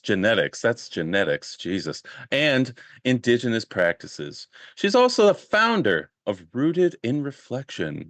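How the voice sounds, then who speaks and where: A man hosting a podcast, introducing a guest and topics in a casual, animated way. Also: mid-range voice, no room sound. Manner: animated, laughs often. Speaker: podcast host.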